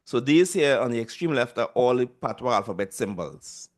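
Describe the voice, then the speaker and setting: A man with a Trinidadian accent leads an online language class. He speaks patiently and says sounds slowly so his students can repeat them after him. His voice comes through a video call. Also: mid-range voice, expressive. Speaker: language teacher.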